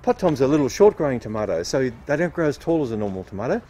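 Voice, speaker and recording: A man's voice: mid-range voice, big pitch swings, fast, dark tone. A nurseryman patiently explaining tomato growing outdoors at his nursery, playing the straight man. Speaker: nurseryman host. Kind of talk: casual gardening demonstration.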